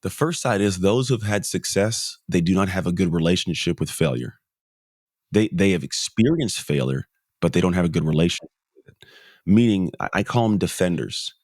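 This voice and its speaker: Deep-voiced man telling a story with emphasis. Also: lively intonation, normal speed, darkish tone, no echo, studio quality. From United States. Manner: storytelling, emphatic, repeats phrases. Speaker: podcast guest. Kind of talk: motivational conversation.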